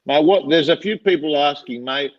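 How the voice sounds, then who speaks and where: A man's voice: a little high, moderate pace, highs cut off. A middle-aged man with an Australian accent, interviewing in an earnest way, often stammering and repeating words. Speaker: sales trainer interviewer.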